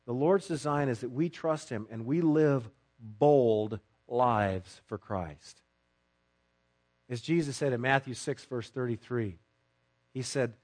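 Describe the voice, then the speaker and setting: A male pastor preaching a sermon in church, acting out the voices of the story with dramatic swings from loud to hushed. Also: mid-range voice. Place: church sanctuary.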